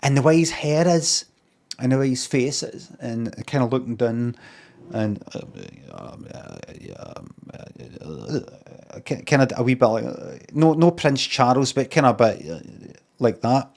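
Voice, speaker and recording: A man's voice: mid-range voice, moderate pace, darkish tone. A Scottish man streaming, talking in a rambling, sweary way with lots of ums and uhs. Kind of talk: casual rambling monologue.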